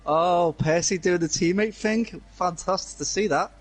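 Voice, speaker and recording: A man's voice: sits high, moderate pace. A man from Glasgow co-commentating a sim-racing event live, hesitant and full of fillers as he jokes with his co-host. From Glasgow, Scotland. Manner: hesitant, with frequent fillers and restarts. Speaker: race co-commentator.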